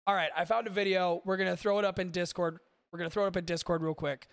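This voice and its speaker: A man hosts a podcast in loose, rambling banter and swears freely. His voice is high for a man and gravelly. The sound is close and dry. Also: level tone, quick pace, dry recording. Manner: rambling, swears freely, talks to live chat. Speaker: podcast host. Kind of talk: casual profane chat.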